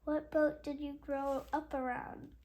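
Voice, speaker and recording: A woman's voice: high-pitched, flat delivery, measured pace, a little mellow. A woman reading the lines of a dry, teasing mother in a children's story. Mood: wry. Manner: wry and sarcastic.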